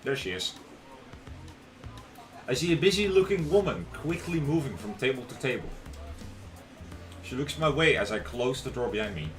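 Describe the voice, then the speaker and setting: A young male streamer reads a visual novel aloud on a live stream, and his voice rises and falls widely in mid-range pitch. He moves easily between steady narration and loose, joking asides. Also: moderate pace, long pauses, faint music behind, poor audio. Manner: expressive, swings between narration and playful asides.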